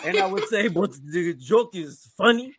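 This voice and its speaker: A man playing a banished French woman comic with a put-on French accent, speaking in a halting, earnest way. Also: high voice, expressive, fairly bright tone, slightly rough, no echo, exaggerated voice.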